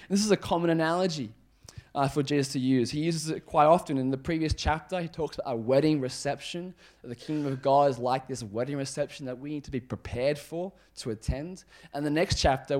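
A male pastor delivers a sermon in a conversational, emphatic style, lowering his voice and going quiet when he reaches serious points.

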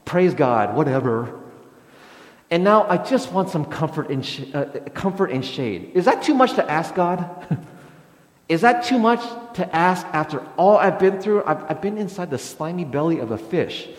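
A man's voice: fairly high pitch, animated, measured pace, voice pushed up. A man voicing a grumbling, self-pitying male prophet who complains melodramatically. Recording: echoey hall reverb.

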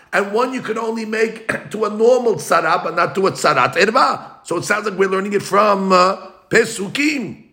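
Male Talmud teacher, bright and forceful tone, animated back-and-forth argument, chanted quotes. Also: high voice, gravelly. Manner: animated, argues both sides in a quick back-and-forth; slows to chant Hebrew and Aramaic quotes. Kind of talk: Talmud lesson.

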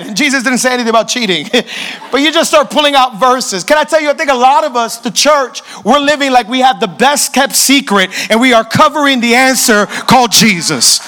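A young male pastor in his twenties, preaching with energetic storytelling and repeated questions to the crowd. His voice sits very high for a man and rings bright and forceful. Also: a little fast. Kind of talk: sermon.

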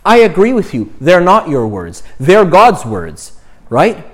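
A man's voice: on the high side, wildly swooping pitch, a little slow. A man, a young priest, giving an informal, chatty talk on prayer, often checking in with "right?" and "you know".

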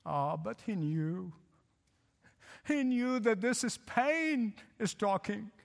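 A male pastor preaching a sermon, emphatic, repeating phrases and slowing to stress lines. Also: high-pitched, expressive, gravelly. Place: church. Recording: hall reverb.

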